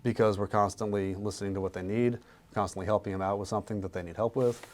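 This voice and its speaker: A man with a lowish voice talks real estate on a podcast at a brisk clip. He gets animated when he acts out sales pitches to sellers, and the talk stays casual throughout.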